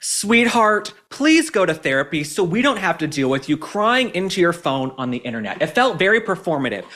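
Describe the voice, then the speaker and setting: A man's voice: sits high, big pitch swings, fairly bright tone, soft background music. Combative, mocking male commentary host. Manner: combative, mocking, rapid-fire rants with sarcastic asides. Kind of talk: opinionated commentary monologue.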